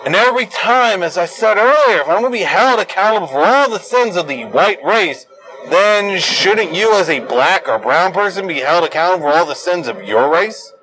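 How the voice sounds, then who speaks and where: High, forceful man on a profane rant. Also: lively intonation, moderate pace, rough recording. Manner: profane, combative and ranting; bursts into yelling at peaks. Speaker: host. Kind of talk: angry solo rant.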